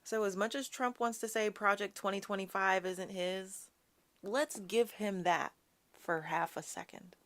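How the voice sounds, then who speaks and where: Slow-talking impassioned woman host. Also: medium pitch, fairly bright tone. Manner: impassioned, ranting, addresses audience as y'all; quotes and mocks opponents in a sassy tone. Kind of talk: live political talk show.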